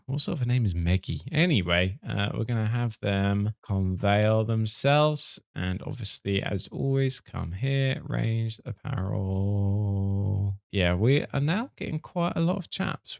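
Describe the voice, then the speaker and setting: A man talks through a strategy game in a relaxed, joking commentary. His voice sits a little low with a gravelly edge. He keeps up a cheeky running chatter, teasing and mildly cursing the characters he controls. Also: no echo, clean studio sound. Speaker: gaming commentator. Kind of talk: casual gameplay commentary.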